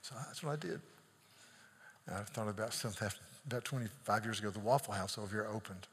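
A man's voice: lowish voice, quick pace, breathy edge. A male pastor preaching a sermon, telling stories with emphatic declarations, in a church sanctuary. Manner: emphatic storyteller, rising to loud declarations. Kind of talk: sermon with storytelling. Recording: long hall reverb.

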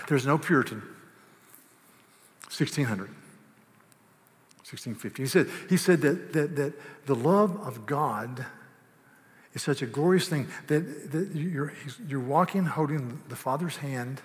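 A man preaching a sermon as pastor, swinging from hushed, tender asides to loud, emphatic declarations. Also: medium pitch, lively intonation, measured pace, long pauses. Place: church sanctuary. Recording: long hall reverb.

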